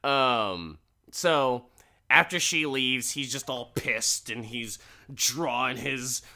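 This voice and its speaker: A man casually recapping a show, animated and profane, breaking into quoted voices and laughing. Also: mid-range voice, slow.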